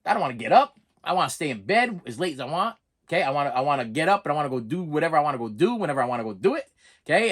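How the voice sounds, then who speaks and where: A man's voice: fairly high pitch, a bit bright. A middle-aged man ranting in a comedic vlog, exasperated and stumbling over restarts. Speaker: vlogger. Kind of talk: comedic rant and unboxing vlog.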